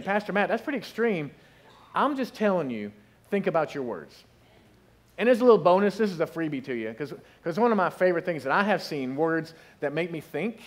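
A man preaching a sermon as pastor in a church, telling lively stories and acting out voices in quotes. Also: high-pitched, a little fast. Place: church sanctuary.

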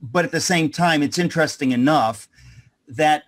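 A man hosts a conversational interview, thinking aloud as he goes. He often restarts his sentences in a halting way. His voice sits a little high for a man. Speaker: host.

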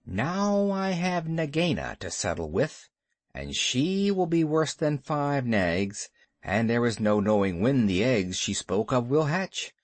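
A man voicing a brave young male mongoose who talks in a sharp, urgent, scolding way. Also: mid-range voice, sing-song, takes it slowly, no room sound. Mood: determined.

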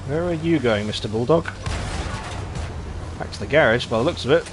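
A man's voice: medium pitch, brisk. Guy streaming a tank game, chatty and rambling, faint noise behind. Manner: chatty and rambling, gets excitable in fights. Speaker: gaming streamer. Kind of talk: casual gameplay commentary.

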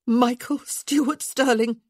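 Woman voicing a sharp, insistent noblewoman. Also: a little high, expressive, moderate pace, husky, dry recording, clean studio sound, voice pushed up. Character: sharp, worried young widowed noblewoman. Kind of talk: audiobook character voice.

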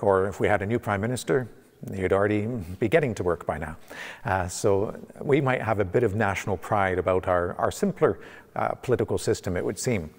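Low-voiced pastor preaching in a reverberant church. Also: male voice. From Canada. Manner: conversational, many restarts and fillers. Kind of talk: sermon.

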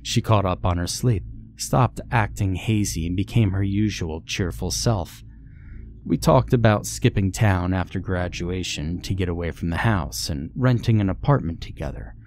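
Deep-voiced man narrating a horror story. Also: moderate pace, a little mellow, a little hiss or hum.

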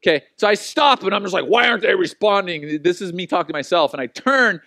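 A man in his forties preaching with a high voice that sounds close and dry. He tells stories about himself in an animated, self-mocking way and then turns back to his message. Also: quick pace, no room sound. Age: 40s. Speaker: pastor. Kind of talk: sermon with personal stories.

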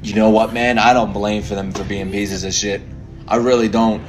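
Guy streaming an anime reaction, cussing and yelling at the screen, faint music under him. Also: on the low side, normal speed. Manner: excitable, swearing, talks back to the screen. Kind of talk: emotional reaction commentary.

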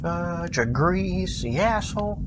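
Excitable young male game streamer. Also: sits high, slow, background noise. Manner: jumpy, swearing outbursts and rambling asides to chat. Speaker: gaming streamer. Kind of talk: casual livestream commentary.

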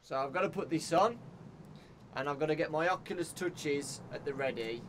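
A man's voice: on the high side, moderate pace, a little hiss or hum. Jumpy young man streaming a horror game. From England. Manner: jumpy, yelps and shouts in fright. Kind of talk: live game commentary.

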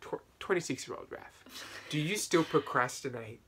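A man in his twenties chatting casually with a friend, playful and teasing, with animated asides. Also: fairly high pitch, normal speed, a little hiss or hum. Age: 20s. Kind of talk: casual chat between friends.

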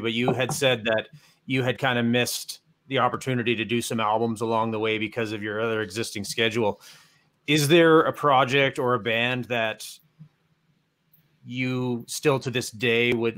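A man's voice: medium pitch, fairly bright tone. A man hosting a podcast, asking a long casual question with restarts and hedges. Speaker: podcast host.

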